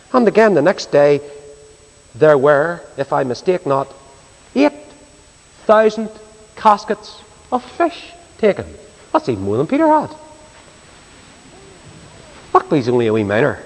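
Lively high-voiced male preacher in a hall. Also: brisk. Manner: animated, dramatic storyteller. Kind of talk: sermon storytelling. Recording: reverberant hall.

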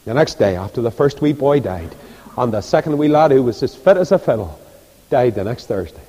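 Impassioned preacher. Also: male voice, animated, a little fast, husky. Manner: impassioned, rises to loud high peaks, then drops soft. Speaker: preacher and Bible class leader. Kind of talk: sermon. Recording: long hall reverb.

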